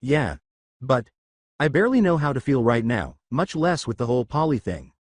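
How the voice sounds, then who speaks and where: A man's voice: medium pitch, very animated, moderate pace, no room sound, studio quality. A man reading as a shy stammering teenage girl. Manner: hesitant, stammering.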